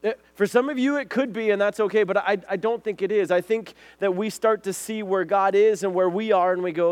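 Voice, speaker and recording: A man giving a casual sermon to a group, chatty and lively, often checking in with "right?" and "okay?". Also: sits high, brisk, hardly any pauses. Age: adult, has a son. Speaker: youth pastor.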